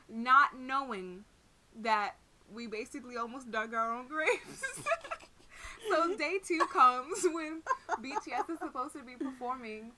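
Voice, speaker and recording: A young woman co-hosting a casual podcast, telling stories in an animated, laughing, profane way. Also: high voice, moderate pace. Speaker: podcast co-host.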